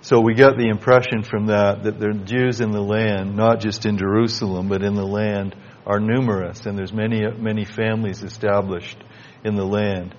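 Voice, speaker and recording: A man preaching a Bible exposition sermon, reading scripture aloud in measured King James wording. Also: on the low side, flat delivery, lo-fi sound, a little hiss or hum.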